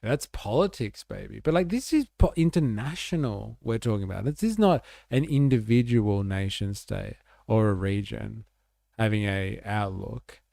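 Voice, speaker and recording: A man's voice: lowish voice, unhurried, gravelly, mellow, no room sound, clean studio sound. A man giving casual, sarcastic political commentary on a livestream, rambling and reacting to clips. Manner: live-translates German clips.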